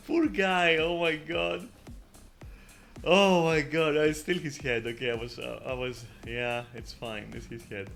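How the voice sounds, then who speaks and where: A man's voice: on the high side, fairly even intonation, a little slow, vocal fry, fairly bright tone. A man giving casual gameplay commentary, chatty and swearing offhand, breaking into laughter often. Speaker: gamer. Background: faint game music.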